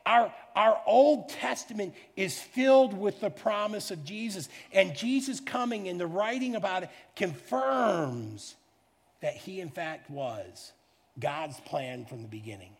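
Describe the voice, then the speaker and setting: A man preaching a sermon as a pastor, fervent and emphatic, repeating phrases and building to shouts. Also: high-pitched, a little slow, gravelly. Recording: reverberant hall.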